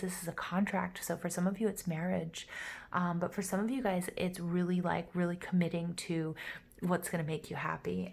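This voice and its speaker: Gravelly, gushing female tarot reader. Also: on the low side. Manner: gushing, excitable, full of fillers. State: a little out of breath. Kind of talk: casual tarot reading to camera.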